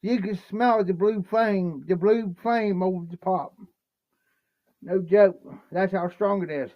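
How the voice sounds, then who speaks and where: His voice sits high and he takes it slowly as he mixes drinks at home on a phone livestream. The Ohio man's story is folksy, rambling and repetitive, full of "no joke," and the sound is lo-fi with no echo.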